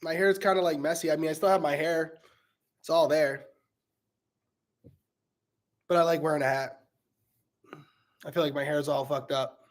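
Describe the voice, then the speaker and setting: A middle-aged man with a regional accent, a podcast host answering questions and telling animated stories, swearing casually. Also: fairly high pitch, moderate pace, long pauses. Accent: regional accent, self-noted. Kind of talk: casual Q&A storytelling.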